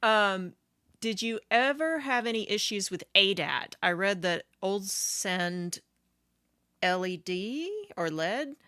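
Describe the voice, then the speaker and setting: A woman's voice: medium pitch, animated, slow pace, sharp tone, smooth, dry recording, clean studio sound. A woman co-hosting a casual livestream, reading viewer questions aloud in a hesitant way. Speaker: co-host reading viewer chat.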